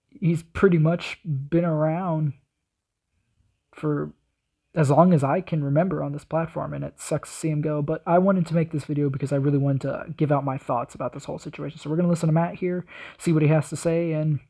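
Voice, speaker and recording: A man's voice: a little high, fairly even intonation, normal speed, gravelly, mellow. A young man hosting a reaction video, talking in a casual, slangy and rambling way.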